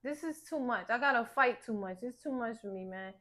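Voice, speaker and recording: A woman with a somewhat high voice joins a casual conversation with her partner. She fills in the story, softly repeating what he said to her, and laughs along. Her talk stays relaxed and informal. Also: fairly quick. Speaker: podcast co-host.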